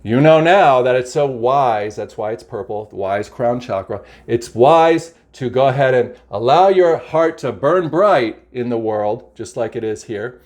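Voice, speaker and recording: Brief: an excitable man reading oracle cards into a camera, medium voice, exclaiming and repeating lines. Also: mid-range voice, unhurried, few pauses. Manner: enthusiastic, exclamatory, repeats phrases. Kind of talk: casual spiritual talk to camera. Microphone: camera mic.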